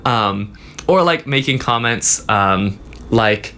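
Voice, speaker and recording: A young man, a student guest in a casual interview, telling a story in a halting way with many fillers. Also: mid-range voice, animated, sharp tone. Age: young adult. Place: office.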